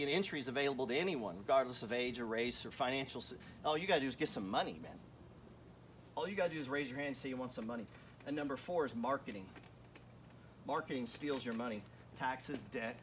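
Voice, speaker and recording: A man's voice: mid-range voice, a little hiss or hum. A man hosting a finance channel, giving a blunt, profane, confrontational motivational rant full of rhetorical questions.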